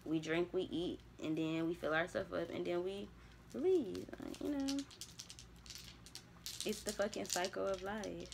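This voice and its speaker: A woman's voice: on the low side, level tone, normal speed, gravelly, hardly any pauses, slight background noise. A young woman, talking candidly to herself on camera about spiritual growth, with casual swearing. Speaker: vlogger. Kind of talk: casual reflective monologue.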